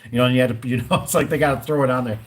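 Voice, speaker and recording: A man's voice: medium pitch, steady tone, racing. A man who installs garage doors, ranting casually in a vlog and acting out both sides of his phone calls. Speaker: garage door and gate installer.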